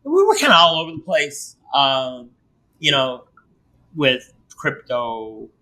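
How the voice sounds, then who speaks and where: Male podcast host, bright tone, loose and jokey delivery. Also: mid-range voice, wildly swooping pitch, slow, rough recording. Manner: joking, rambling, teasing his co-host. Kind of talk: casual podcast chat.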